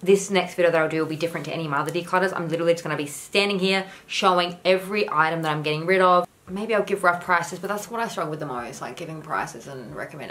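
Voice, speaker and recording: A woman's voice: deep voice, fairly bright tone, poor audio. A young woman talking candidly to camera in a home vlog, earnest and rambling with lots of "like" fillers. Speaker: YouTuber.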